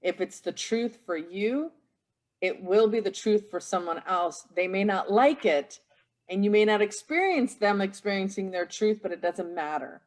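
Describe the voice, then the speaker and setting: A woman's voice: medium pitch, lively intonation, moderate pace. Reflective woman who restarts her phrases. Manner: reflective, searching for words with restarts. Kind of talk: casual conversation on a live stream.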